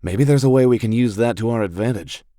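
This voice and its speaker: Brief: level-headed male rogue, read by a man, calm and tactical. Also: mid-range voice, fast, no echo, clean studio sound, voice pushed up, natural voice. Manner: calm, planning.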